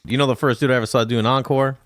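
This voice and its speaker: A man comedian telling a story in a fast, breathless rush in a podcast chat. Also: medium pitch, fairly even intonation, fairly bright tone, clean tone, dry recording.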